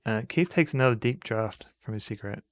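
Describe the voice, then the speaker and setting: A man's voice: lowish voice, fairly quick, no echo, clean studio sound. A man streaming a retro game, giving wry, chuckling commentary and reading the game text aloud.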